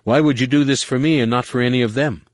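A man's voice: mid-range voice, sing-song, moderate pace, darkish tone, no echo, clean studio sound, voice pushed up, natural voice. A man doing a stubborn, angry young man. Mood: defiant. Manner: tense, pleading, defiant. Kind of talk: audiobook reading.

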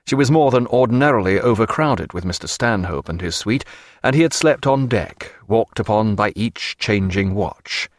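A man narrating an audiobook in a measured, expressive reading. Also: fairly low pitch, no room sound, clean studio sound.

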